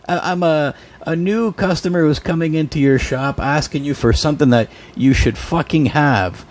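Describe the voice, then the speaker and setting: A man's voice: on the high side, normal speed. A man hosting a podcast, ranting in an exasperated, profane way and laughing now and then. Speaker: podcast host. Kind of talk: solo comedic rant.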